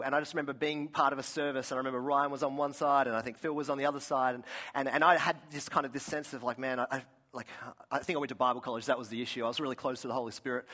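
A man's voice: fairly high pitch, a bit bright. Earnest man preaching a conversational sermon. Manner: conversational, earnest, with frequent restarts. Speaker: pastor.

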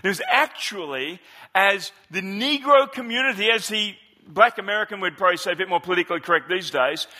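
A man preaching a sermon in a chatty, conversational way, often turning to the congregation with rhetorical questions. His voice sits high for a man and has a bright, forward edge. He moves between lively asides and quieter, reflective stretches. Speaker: pastor.

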